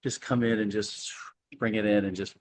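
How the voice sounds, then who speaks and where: A man's voice: fairly low pitch, little pitch movement, normal speed. Playful, laughing man on a call. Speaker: guest. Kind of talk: casual spiritual conversation.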